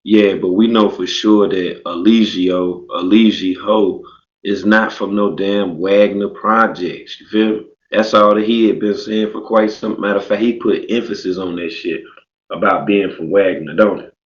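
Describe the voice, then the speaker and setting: A man hosting a loose, profane livestream, his voice sitting on the low side. He talks in a casual, filler-heavy way. The sound is echoey and a bit muffled. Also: fairly even intonation, unhurried. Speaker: livestream host. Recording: echoey, muffled stream audio.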